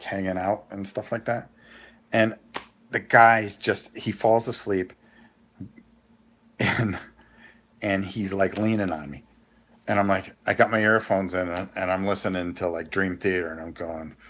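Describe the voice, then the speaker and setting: A man hosting a casual live vlog, telling a rambling, animated story with frequent restarts. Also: on the low side. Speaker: host.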